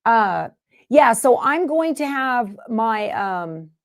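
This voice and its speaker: A woman hosts a sewing livestream, chatting casually with viewers and rambling from topic to topic, often interrupting herself. Her voice is fairly high and very animated, though she speaks slowly.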